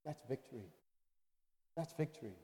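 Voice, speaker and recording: A man's voice: mid-range voice, animated, normal speed, warm tone. A man preaching a sermon, asking rhetorical questions and building to emphatic declarations. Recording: echoey hall.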